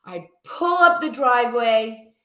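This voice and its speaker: A middle-aged woman, a live-show guest, telling a story in a casual, animated way and acting out quoted voices. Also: a little high, measured pace. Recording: echoey room.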